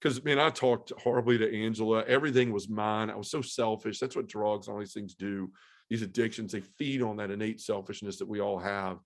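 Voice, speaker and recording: Brief: middle-aged man, earnest and candid, telling his own story as a guest, lowish voice. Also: brisk. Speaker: podcast guest. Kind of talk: personal testimony storytelling.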